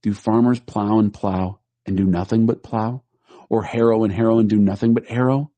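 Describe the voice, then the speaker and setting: Low-voiced man reading scripture. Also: fairly even intonation, moderate pace, warm tone, no echo.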